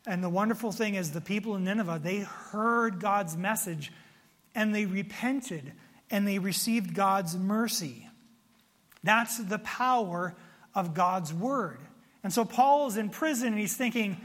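A man preaching a sermon to a congregation in a conversational, animated way, with asides to the listeners. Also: high-pitched, measured pace, big-room sound. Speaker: pastor.

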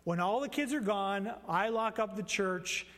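A man preaching a sermon in a church, conversational and animated, with playful storytelling asides. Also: sits high, a little slow, in a large hall. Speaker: pastor. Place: church sanctuary.

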